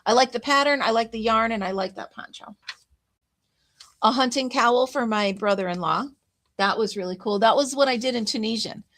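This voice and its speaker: A woman's voice: fairly high pitch, normal speed, a bit bright. A woman hosting a casual crafting livestream, chatting and greeting viewers by name as she pages through her notes.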